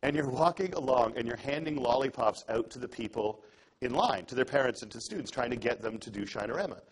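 A young man speaks to a live audience in an earnest, conversational way, slipping into the voices of the people in his story. His tone is husky and a little breathy, with a middle pitch. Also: animated, fairly quick, rough recording. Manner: earnest and conversational, acts out quoted dialogue. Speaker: public speaker.

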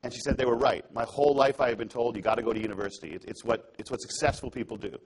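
A young man speaks to a live audience in an earnest, conversational way, slipping into the voices of the people in his story. His tone is husky and a little breathy, with a middle pitch. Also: steady tone, very fast, rough recording. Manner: earnest and conversational, acts out quoted dialogue. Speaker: public speaker.

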